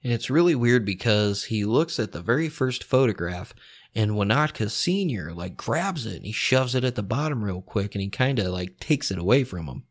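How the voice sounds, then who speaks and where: A laid-back male storyteller with a lowish voice who tells the tale like a chat with friends. He swears freely and chuckles often. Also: normal speed. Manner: relaxed, profane, chuckling often. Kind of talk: casual storytelling.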